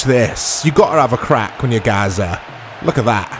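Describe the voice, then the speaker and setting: Guy, let's play commentary, jokey and chatty, mid-pitched voice, faint noise behind. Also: normal speed. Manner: chatty, jokey, laughs often; bursts into excited play-by-play. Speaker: gaming channel host.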